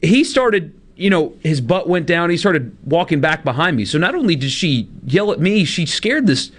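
Chatty self-deprecating radio host, lively voice. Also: male voice, fairly high pitch, normal speed. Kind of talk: casual radio talk.

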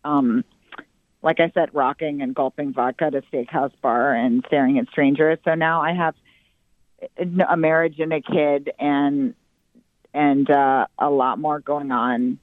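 A woman comedian with a low, steady voice tells self-deprecating stories as an interview guest, playful and quick with asides. The tinny phone line carries no echo.

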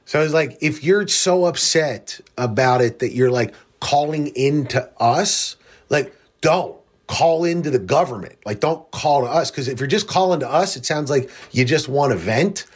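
Joking South Jersey radio co-host. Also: male voice, a little high, animated, normal speed. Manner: joking, argumentative, rambling with restarts. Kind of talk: casual radio banter.

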